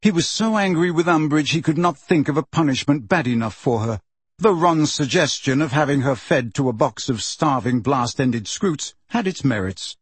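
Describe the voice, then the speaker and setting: A man narrating an audiobook in steady storytelling. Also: fairly high pitch, moderate pace, breathy edge, no room sound. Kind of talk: scripted narration.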